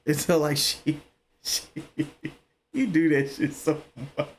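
A young man speaking tells a story in a casual podcast chat. His voice swoops widely and jumps up into loud, high exclamations. A faint hiss of noise sits under the recording. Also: very animated, unhurried. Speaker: podcast co-host.

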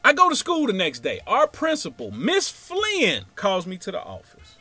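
A man's voice: high-pitched, moderate pace, no echo, faint music behind. A man telling a childhood story as stand-up comedy, acting out each character. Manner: animated, acts out every character.

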